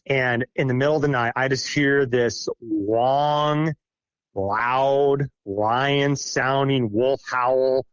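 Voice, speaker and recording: A man's voice: mid-range voice, fairly even intonation, smooth, dry recording. Rambling man from Iowa telling stories. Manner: rambling, halting restarts with frequent laughs. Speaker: podcast guest, forestry contractor. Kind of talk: casual storytelling interview.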